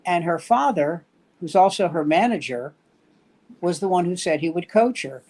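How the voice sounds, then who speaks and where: A man's voice: high-pitched, moderate pace. An older man hosting a casual comedy talk show, retelling film scenes and acting out the dialogue with energy. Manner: animated storyteller acting out quoted dialogue. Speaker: host.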